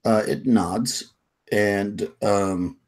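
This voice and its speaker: A man narrating as game master of a tabletop game, describing in a halting, hedging way with frequent restarts. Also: on the low side, fairly even intonation, darkish tone.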